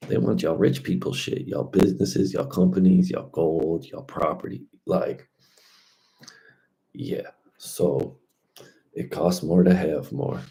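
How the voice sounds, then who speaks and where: Low dark gravelly guy just rambling on his vlog, slangy and loose. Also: fairly even intonation, slow. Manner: loose, slangy, drifting from point to point. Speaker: crypto vlogger. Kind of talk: casual rambling monologue.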